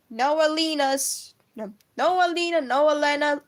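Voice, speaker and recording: This higher-voiced Russian woman talks at a moderate pace during a casual drawing stream, where she works as a comic artist. Her chatter rambles, doubles back on itself, and is broken up by frequent coughs.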